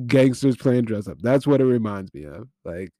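A man talks through an old film as a podcast host, rambling and correcting himself as he goes. His voice sits in a middle pitch. The sound is close and dry. He stays casual and sounds incredulous throughout. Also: mellow, no echo. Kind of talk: casual film-recap commentary.

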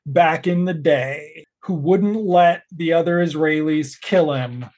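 A woman's voice: deep voice, takes it slowly, a little mellow, slight background noise. A woman co-hosting a podcast, recapping an episode in casual, joking chat. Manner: chatty, joking, acts out characters' lines. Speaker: podcast co-host.

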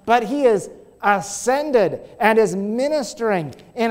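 A man preaching a sermon, telling stories and slowing down to press his points. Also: high-pitched, sing-song. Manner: storytelling, slows down for emphasis.

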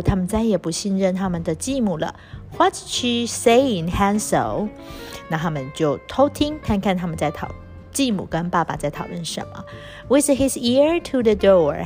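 A woman teaching English through a storybook, reading lines slowly and spelling words out letter by letter. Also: mid-range voice, a little mellow. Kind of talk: storybook reading lesson with explanations.

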